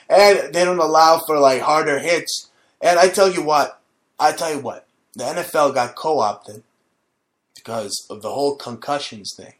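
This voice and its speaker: A man hosting his own show, delivering a combative, profane, mocking rant. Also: medium pitch. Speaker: show host. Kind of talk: ranting monologue.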